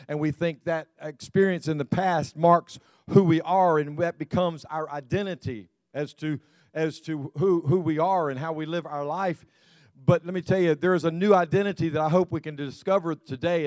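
Male pastor, sermon, slightly high voice, dry close sound, folksy restarts. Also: darkish tone, no echo. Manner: repetitive restarts, folksy storytelling.

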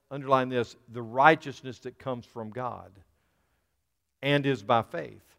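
A man's voice: medium pitch, clear, resonant tone. A man preaching a sermon as pastor to his congregation, building into fervent emphasis. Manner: preaching to a congregation, rising into fervor. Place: church sanctuary. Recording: long reverb of a large hall.

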